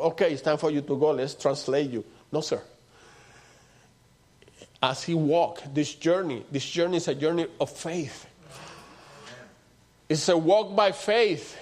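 A high-pitched male pastor preaching to his congregation. He fires rhetorical questions and answers them himself. He moves from loud, emphatic phrases to low, almost hushed lines. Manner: rhetorical questions with call-and-response; swings between loud emphatic and low quiet delivery. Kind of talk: sermon.

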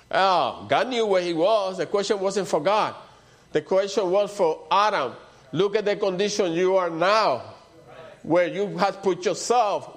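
Guy preaching, chatty, lots of "you know", goes quiet then punches points up, kinda high voice. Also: animated, unhurried. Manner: conversational preaching with repeated "you know" and "see"; swings between soft low asides and rising emphatic points. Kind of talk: sermon.

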